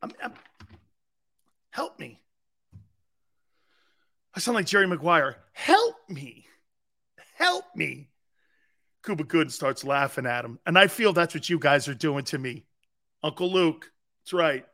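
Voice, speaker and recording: A man's voice: fairly high pitch, lively intonation, moderate pace, long pauses, pushed and bright. A man hosting a sports talk show, telling rambling stories, laughing often and acting out the voices of people he quotes. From Sicilian-American heritage. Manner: laughs often between lines. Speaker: sports radio host.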